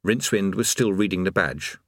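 A man narrating an audiobook in a wry, expressive storytelling manner, close on a studio mic. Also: low voice, brisk, no echo. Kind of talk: scripted narration.

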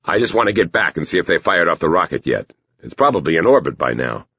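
A man's voice: low voice, big pitch swings, fast, bright, forceful tone, slightly rough, no room sound, exaggerated voice. A man voicing a cold, dismissive young working man with a curt, aloof manner. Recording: dull lo-fi recording.

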